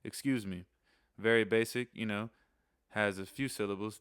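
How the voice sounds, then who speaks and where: A man hosting a casual spoken lesson, relaxed, repeating key phrases slowly between chatty asides. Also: lowish voice, clean tone, dry recording, studio quality. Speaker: channel host teaching phrases.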